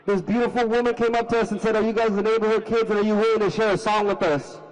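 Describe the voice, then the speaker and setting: A man's voice: sits high, little pitch movement, quick pace, low-quality recording. A male musician talking to the crowd from the stage at an outdoor protest rally, earnestly urging them to sing along. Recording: music clearly audible behind.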